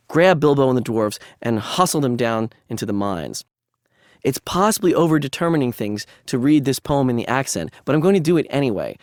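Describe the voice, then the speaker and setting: A male literature lecturer talks through his argument in a conversational, analytical way, often stepping aside to add a remark. His voice sits at a middling pitch. The sound is dry, with no echo. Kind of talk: academic lecture.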